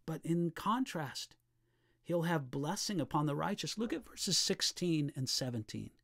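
Man, preacher, sermon, high pitch, rhetorical questions, slow scripture reading.

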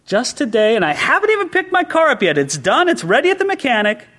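Animated preacher, high and lively. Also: male voice, fast. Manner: animated preaching with playful acted asides. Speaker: pastor. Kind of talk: sermon.

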